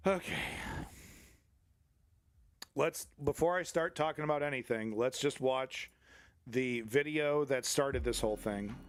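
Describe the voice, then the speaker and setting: A man's voice: medium pitch, measured pace, long pauses. A man hosting a live commentary stream, talking bluntly and profanely with frequent restarts. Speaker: live news commentary host.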